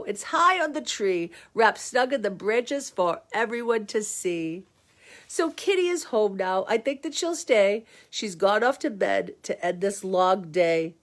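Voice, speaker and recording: A woman reading a picture book aloud to listeners, chatty and laughing often between the lines. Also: fairly high pitch.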